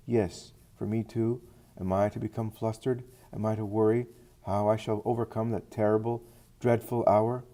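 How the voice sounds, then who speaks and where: A man reading the words of a grieving, devout mother in a quiet, measured way. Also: on the low side, lightly acted.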